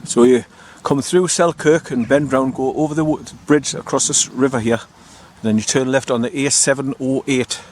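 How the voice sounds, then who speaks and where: A man's voice: medium pitch, fairly even intonation, moderate pace, few pauses, darkish tone, a little hiss or hum. An older man from the North East of England, chatting casually while he films a walking vlog outdoors by a river, rambling a little and correcting himself as he goes. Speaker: vlogger. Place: outdoors by a river in a small town.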